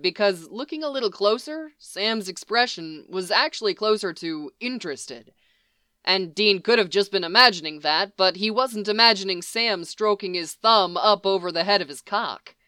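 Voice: medium pitch, bright, forceful tone, smooth, no echo, clean studio sound. A narrator reading a story aloud with wry, emphatic delivery. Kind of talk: audiobook reading of fan fiction.

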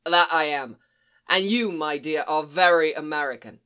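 A wry, roguish British man, the sort of occult detective who swears without thinking and charms to get his way, as an audiobook reader puts him on. His speech has a noticeably bright, forward tone and a British accent. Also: medium pitch, normal speed, smooth, voice pushed down, natural voice. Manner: sardonic, wry, swears casually. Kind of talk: audiobook reading.

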